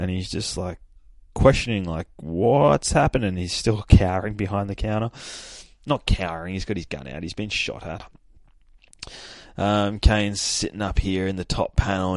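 A young man hosting a podcast, casually recapping a comic book with excitable, profane storytelling. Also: sits low, dry recording, studio quality. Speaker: podcast host.

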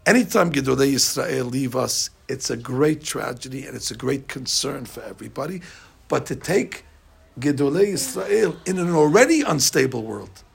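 Gravelly-voiced rabbi preaching. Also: male voice, fairly high pitch. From United States. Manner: storytelling with wide swings between hushed and loud, repetitive. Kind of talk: sermon.

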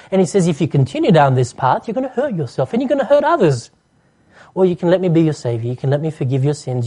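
A man preaching a sermon, earnest and appealing, acting out short bits of dialogue. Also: fairly high pitch. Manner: earnest, warm pastoral appeal with dramatized dialogue.

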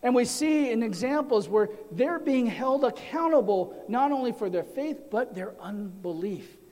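A man, a pastor, teaching a sermon in a deliberate way, his voice trailing off quietly at the ends of phrases, in a church sanctuary. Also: extremely high pitch, expressive. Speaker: pastor teaching a Bible study. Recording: long reverb of a large hall.

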